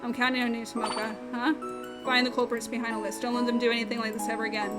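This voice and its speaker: A woman voicing a young woman murderer facing execution, quiet and resigned, over game music. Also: on the high side, level tone, fast talker, lightly acted. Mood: pleading.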